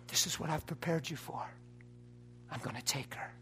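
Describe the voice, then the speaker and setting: A man voicing a deceptive male spirit in a hushed, coaxing whisper, as whispered role-play inside a sermon. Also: a little high, normal speed, faint music behind, close to an everyday voice. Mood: sly.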